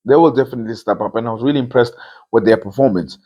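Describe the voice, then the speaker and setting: A man's voice: mid-range voice, very fast, breathy edge, dull audio. A man hosting a football talk show, giving casual opinion commentary with emphatic, repeated phrases.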